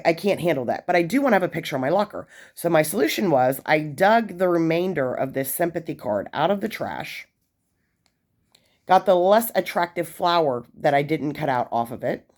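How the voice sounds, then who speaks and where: A woman's voice: deep voice, darkish tone. A woman in her forties telling a story in a chatty, casual way, with lots of fillers and asides. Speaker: vlogger sharing prison experiences.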